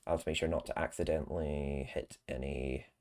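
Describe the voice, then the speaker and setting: Deep-voiced chatty gaming streamer man. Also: fairly even intonation, brisk, a little mellow. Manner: chatty, laughs often, swears. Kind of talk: casual gameplay commentary. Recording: game music underneath.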